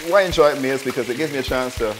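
A quick-talking male chef chats eagerly while he cooks, tripping over his words and restarting. His pitch is middling, and clear music runs behind him in the studio kitchen. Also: rough recording. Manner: eager, stumbles and restarts, laughs a lot. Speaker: chef co-host. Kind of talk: casual cooking chat.

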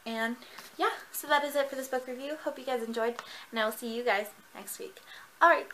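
A young woman gushing excitedly in a casual vlog. Her voice is very bright and sits a little high, and she laughs often while she talks. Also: brisk, a little hiss or hum, poor audio. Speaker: book reviewer.

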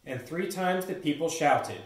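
A man's voice: fairly high pitch, unhurried, a crowd in the background. Man narrating in an echoey church. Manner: steady storybook reading aloud. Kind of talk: church pageant reading. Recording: echoey church, distant mic.

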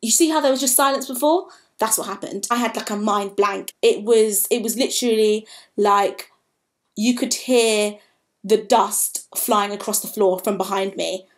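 A woman in her twenties, recounting a painful experience in a candid, halting personal vlog. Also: medium pitch, steady tone. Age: 20s. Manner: candid, halting, emotional storytelling. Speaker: vlogger.

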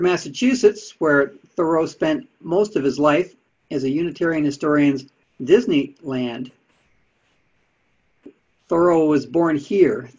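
Husky-voiced man giving a casual history talk. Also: a little high, a little mellow. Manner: chatty, dry asides and small laughs. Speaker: presenter of talks on Unitarian history. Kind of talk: casual lecture with slides. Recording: dull lo-fi sound.

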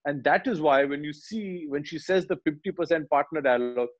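A man, animatedly retelling film scenes in an interview and quietly acting out the lines. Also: fairly high pitch, a little fast, few pauses, highs cut off. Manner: animated storyteller, acts out dialogue lines quietly. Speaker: actor, interview guest.

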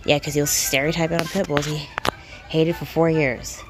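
A woman's voice: low-pitched, flat delivery, normal speed, over music. A woman reacting to comments in casual commentary, blunt, indignant and profane. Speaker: video creator reacting to comments.

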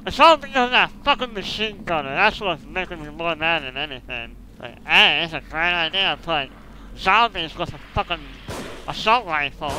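A frustrated man commentating his gameplay, swearing constantly and swinging between muttered complaints and yelling outbursts. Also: a little high, lively intonation, normal speed, a little hiss or hum, rough recording. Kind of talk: raging let's-play commentary.

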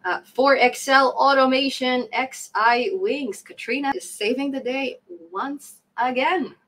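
A woman's voice: sits high, a little slow, a bit bright, low-quality recording. A woman in her thirties hosting a casual coding live stream, reading chat comments aloud, laughing often and repeating phrases for emphasis.

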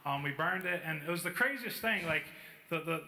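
High-voiced man preaching in an echoey church. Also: fairly quick. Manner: casual, animated, many "like" fillers. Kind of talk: sermon storytelling. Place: church hall.

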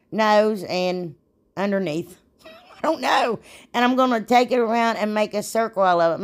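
Chatty woman narrating crafts. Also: medium pitch. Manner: chatty, rambling, laughs at herself. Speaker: DIY craft vlogger. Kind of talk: casual voice-over narration of crafting.

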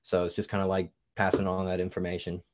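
A young man with a New Jersey accent, touched by a little Southern drawl, talks in a fairly low voice. He rambles as a podcast guest, stacking "like" and "you know" as he goes. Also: monotone, quick pace, noisy background. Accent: New Jersey, with some Southern US. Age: 20s. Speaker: guest producer and TikTok creator. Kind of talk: casual podcast interview.

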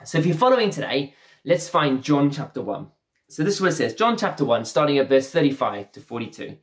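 Storytelling preacher with a slightly high voice. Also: male voice, big pitch swings, a little fast. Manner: storytelling, acts out the characters' lines. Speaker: pastor. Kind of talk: sermon. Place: church, streamed online service.

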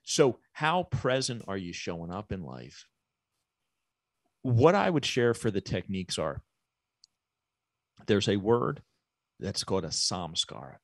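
Male podcast guest, reflective, animated pitch, dry close sound. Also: measured pace, pauses often, no room sound. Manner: thoughtful, explains with everyday analogies. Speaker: podcast guest, business owner. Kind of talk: reflective conversational interview.

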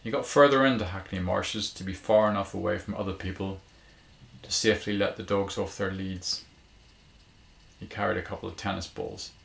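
A man reading his own short story aloud in measured, even storytelling narration, in a small garden cabin. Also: low voice, creaky, echoey room.

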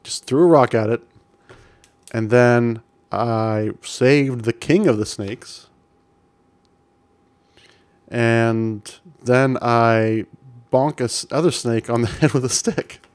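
A man gives relaxed, amused commentary while playing a classic adventure game, reading its text aloud between chuckles. He talks slowly, and his voice is dry and close to the mic. Keyboard typing clicks behind him. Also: mid-range voice, dry recording. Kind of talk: casual gameplay commentary.

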